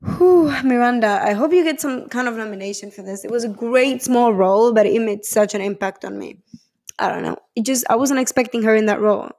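A woman's voice: fairly high pitch, fairly quick, vocal fry, a little mellow. A woman from Spain, gushing and swearing casually as she reviews a film in a chatty vlog. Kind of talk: casual chat.

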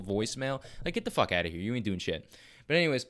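A man's voice: medium pitch, quick pace, clear, resonant tone. Rambling, profane young man telling a story. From Arizona. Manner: profane, rambling, animated quoting of others. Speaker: podcast storyteller. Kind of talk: casual storytelling.

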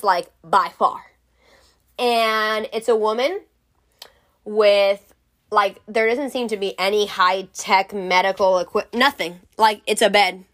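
A woman's voice: medium pitch, fairly bright tone. A young woman telling a storytime vlog in a blunt, exasperated, profane way. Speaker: vlogger.

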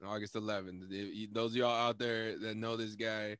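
A man's voice: lowish voice, little pitch movement, normal speed, a bit bright, smooth, dry recording. A young man hosting a podcast, telling a story in a casual, rambling, profane way and laughing often. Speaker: podcast host.

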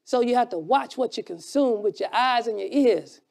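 A preacher delivering an emphatic sermon, shouting key lines and repeating phrases for effect, with quieter, quicker asides in between. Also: mid-range voice, lively intonation, creaky. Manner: drops to a quiet, fast aside at times.

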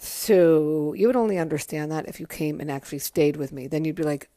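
Low-voiced, profane woman podcaster. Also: fairly quick, few pauses, warm tone, no echo, clean studio sound. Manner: candid and profane, rambling with frequent ums. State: tired, yawning. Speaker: podcast host. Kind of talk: casual solo podcast chat.

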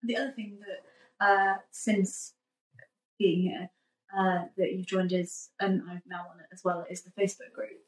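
A woman talks as a relaxed, agreeable podcast guest with a mid-range voice. She answers often with short murmurs of agreement. She sits a little away from the mic in an echoey room. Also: mid-range voice, a little slow, distant mic. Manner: relaxed, agreeable, with frequent short backchannel replies. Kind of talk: casual conversational podcast chat.

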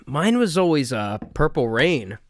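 A man's voice: on the high side, big pitch swings, unhurried, dry recording. A man hosting a podcast, casually chatting about a film, swearing, laughing and acting out scenes. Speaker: podcast host.

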